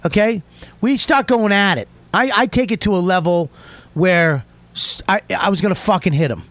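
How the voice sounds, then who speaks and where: A man hosting a podcast, telling a heated story in a profane, emphatic way that keeps swinging into shouting. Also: high voice, normal speed, no room sound. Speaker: podcast host.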